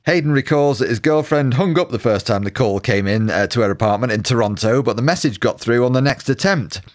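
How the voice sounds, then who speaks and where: A man's voice: medium pitch, fairly quick. A man co-hosting a casual music podcast, recounting anecdotes and reading passages aloud. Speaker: podcast co-host. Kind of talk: casual chat about music history.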